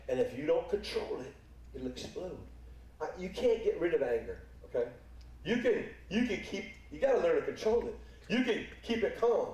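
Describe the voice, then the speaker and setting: A man's voice: on the high side, warm tone, recorded from a distance. A middle-aged man preaching a sermon in a church, folksy and playful, acting out little voices as he speaks. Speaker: pastor. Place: church sanctuary. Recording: echoey church hall, speaker away from mic.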